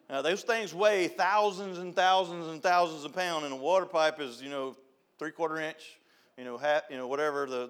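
Joking preacher man. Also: on the high side. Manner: storytelling, joking, shouts and laughs at punchlines. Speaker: youth director preaching. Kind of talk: folksy sermon. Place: church sanctuary.

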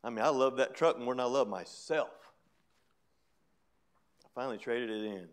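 A man's voice: medium pitch, moderate pace, smooth. A middle-aged man preaching, telling his own story in a chatty way with laughs. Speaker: preacher giving testimony. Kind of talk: sermon testimony.

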